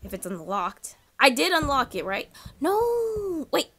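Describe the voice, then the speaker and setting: A woman playing a horror game and chatting excitedly to herself and the characters, dropping into hushed whispers when tense. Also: mid-range voice, normal speed. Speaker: gaming channel host.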